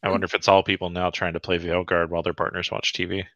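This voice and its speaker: Really deep-voiced guy on a podcast, bright tone but a dull lo-fi mic, kinda hesitant. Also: little pitch movement, fast talker, no echo. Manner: hesitant, thoughtful, many fillers. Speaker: podcast co-host. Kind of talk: casual chat.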